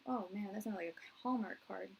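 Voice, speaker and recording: A woman's voice: mid-range voice, fairly quick, vocal fry, husky, highs cut off. A woman in her thirties giving a live tarot reading, rambling and earnest, full of restarts and "like", at times teary. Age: 30s. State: tearing up. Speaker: tarot reader.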